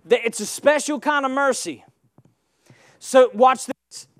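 A man, pulling the congregation into call and response. The sound is dry and close, and he swings from quiet asides to shouted lines. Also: extremely high pitch, measured pace, no echo. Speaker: preacher. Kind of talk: sermon.

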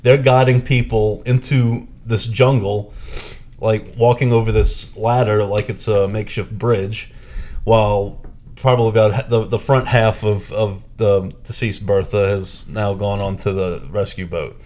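Lower-pitched man telling a story on a podcast. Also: measured pace. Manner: animated, acts out quoted people; chatty, with restarts and fillers. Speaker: podcast co-host. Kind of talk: casual storytelling chat.

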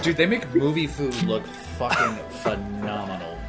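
A man's voice: mid-range voice, animated, normal speed. A man co-hosting a podcast, firing off crude one-liners while riffing on a movie. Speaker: podcast co-host. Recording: loud film music behind the voice.

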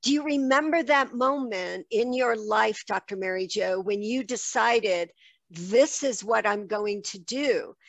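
A woman's voice: a little high, measured pace, vocal fry, no room sound. A woman hosting an interview show, asking eager, probing questions. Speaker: podcast host.

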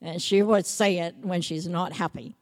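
A woman's voice: on the low side, fairly even intonation, normal speed, darkish tone. Emphatic woman preaching. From Samoa. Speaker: pastor. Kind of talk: sermon.

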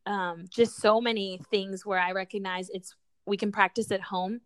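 A woman co-hosting a casual chat, telling animated parenting stories, acting out quotes and laughing often. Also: medium pitch, moderate pace, no room sound.

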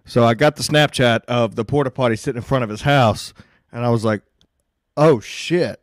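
A man's voice: medium pitch, moderate pace, dry recording, studio quality. A man hosting a podcast, telling stories in casual chat with a laid-back, swearing manner. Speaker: podcast host.

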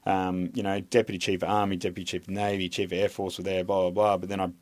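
A man's voice: deep voice, level tone, quick pace, darkish tone. An Australian man, an army veteran, talking candidly in an interview in a rambling way, with lots of hesitation and frequent swearing.

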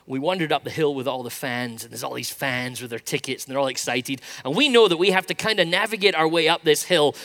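A middle-aged man delivers a sermon in a storytelling way, acting out the lines of the people in his anecdotes. His voice sits high and swings widely in pitch. The tone is bright and forward. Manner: storytelling, animated, acts out quotes. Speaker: pastor.

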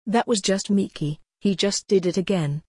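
Lady reading as a curious excited kid boy, breathy warm voice. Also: medium pitch, moderate pace, no echo, clean studio sound, close to an everyday voice.

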